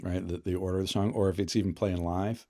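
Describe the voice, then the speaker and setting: A middle-aged man, a guest on a podcast, tells stories in casual chat. He is relaxed, chuckles often and starts his sentences over. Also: deep voice, fast. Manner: relaxed, chuckling, trailing restarts. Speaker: podcast guest, finance executive.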